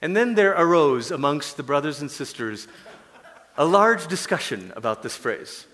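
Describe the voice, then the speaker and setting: A man preaching a sermon as pastor, animated, acting out Paul in casual talk and dropping to soft whispers. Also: a little high, normal speed, big-room sound.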